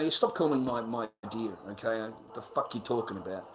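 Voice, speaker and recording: A man's voice: mid-range voice, lively intonation, normal speed. Middle aged aussie guy ranting on his stream, sweary, trips over his words, voice sits in the middle range. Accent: Australian. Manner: blunt, profane, rambling with frequent restarts. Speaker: livestreamer. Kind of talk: casual livestream rant.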